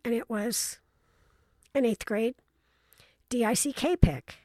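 A woman's voice: a little high, slow pace, a little mellow, no room sound. Frank, chatty middle-aged woman. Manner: frank, chatty and playfully blunt; acts out voices in her anecdotes. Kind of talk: casual storytelling monologue.

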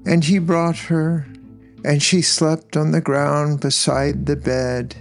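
Slow, gravelly male storyteller. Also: a little high, flat delivery. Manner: unhurried, measured, with voiced characters in dialogue. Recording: faint music behind the voice.

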